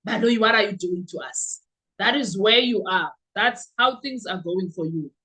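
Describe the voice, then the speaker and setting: A woman with a South African accent hosting a podcast, giving animated, sarcastic commentary full of rhetorical questions. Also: mid-range voice, moderate pace, slightly rough, low-quality recording. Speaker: podcast host. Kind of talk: opinionated commentary.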